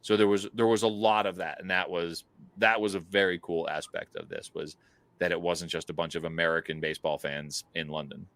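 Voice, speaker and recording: A man with a somewhat low voice tells an animated story to his podcast co-host, peppering it with fillers and little laughs. The sound is dry and close, with no room echo. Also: a little fast. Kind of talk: casual storytelling chat.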